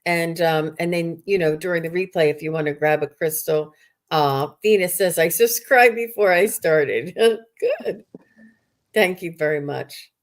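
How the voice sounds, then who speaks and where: A woman hosting a live online workshop, chatting casually, reading out viewer comments and filling pauses with ums. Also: sits low. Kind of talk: casual live-stream chat.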